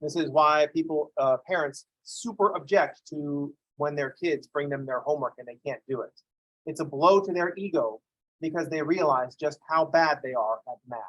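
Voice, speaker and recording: A man's voice: fairly high pitch, normal speed, fairly bright tone, no echo, lo-fi sound. A man teaching a math class, talking emphatically and drifting into self-deprecating stories. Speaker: math instructor. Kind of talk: lecture with digressive anecdotes.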